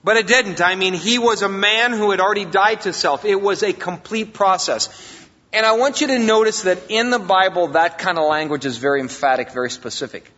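A man's voice: sits high, a little fast, sharp tone. Emphatic preaching man in a reverberant hall. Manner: emphatic preaching, rises and drops in volume. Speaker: pastor. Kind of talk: sermon. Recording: long hall reverb, dull lo-fi sound.

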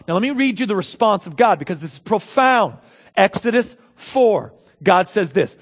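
A man's voice: sits high, very animated, moderate pace. A man preaching a sermon as pastor, emphatic, asking rhetorical questions and reading scripture aloud. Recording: long hall reverb.

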